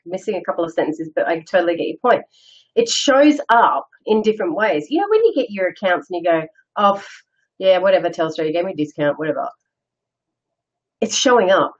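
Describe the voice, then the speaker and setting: A woman's voice: fairly low pitch, muffled recording. A middle-aged woman hosting a casual live chat, answering viewer comments in a candid, self-deprecating way and laughing often. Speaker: host.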